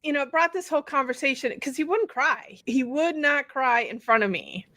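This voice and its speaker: A woman co-hosting a podcast in relaxed, earnest casual chat, reflecting on her work as a bodyworker. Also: high-pitched, moderate pace, no echo.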